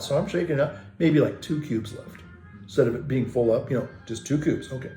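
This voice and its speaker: Rambling priest telling a story. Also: male voice, medium pitch, fast talker, dark tone, echoey room, faint music behind. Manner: rambling, with restarts and self-corrections. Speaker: Catholic priest. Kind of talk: casual storytelling.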